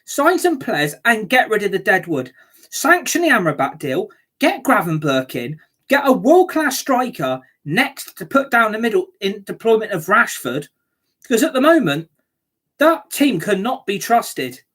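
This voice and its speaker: A woman's voice: mid-range voice, big pitch swings, a little slow, fairly bright tone, husky. A woman ranting angrily as a football fan reacting to a match, sweary and scornful.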